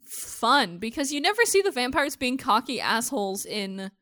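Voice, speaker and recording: A woman's voice: on the high side, normal speed, no room sound, studio quality. A woman hosting a podcast in casual chat, recapping a show animatedly and cursing freely. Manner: animated, swears freely, acts out characters' lines. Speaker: podcast host recapping episodes.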